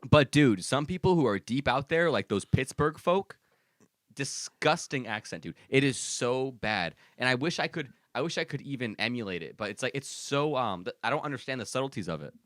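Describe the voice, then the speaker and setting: A man's voice: mid-range voice, animated, moderate pace, fairly bright tone, dry recording, clean studio sound. A man co-hosting a casual comedy podcast, rambling and correcting himself, calling everyone dude. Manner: rambling, self-correcting, says dude a lot. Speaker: podcast co-host.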